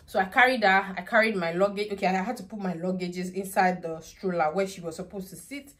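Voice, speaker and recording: A woman's voice: mid-range voice, steady tone, brisk, a bit bright. A young woman, a mother telling a dramatic story about her toddler in a casual vlog, often laughing and going into prayerful asides.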